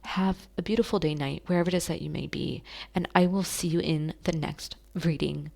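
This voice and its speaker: A woman giving a channeled tarot reading in a soft, emotional way, often stopping and restarting as she talks to her listeners. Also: sits low, fairly even intonation, creaky. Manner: soft, emotional, addresses listeners as beautiful souls; halting, many fillers and restarts. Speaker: psychic reader.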